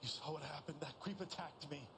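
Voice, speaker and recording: A man's voice: on the high side, brisk, lightly acted. An actor playing a jealous, possessive man who angrily confronts a rival in a video game. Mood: accusing. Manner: accusing and possessive. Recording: distant game audio with background noise.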